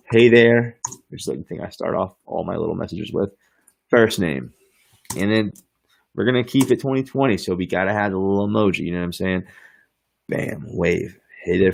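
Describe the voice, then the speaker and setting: A man hosting a podcast and walking through a software demo on screen, with hyped, slangy salesman patter and frequent laughs. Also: lowish voice, creaky. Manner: laughs often. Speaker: podcast host.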